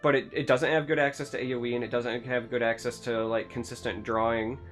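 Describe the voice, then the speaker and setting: A man's voice: mid-range voice, flat delivery, fairly quick, a bit bright, faint music behind. A man hosting a casual gaming podcast, enthusiastic and rambling, with lots of "like" and "um". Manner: enthusiastic, rambling, many fillers like "like" and "um". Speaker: podcast host.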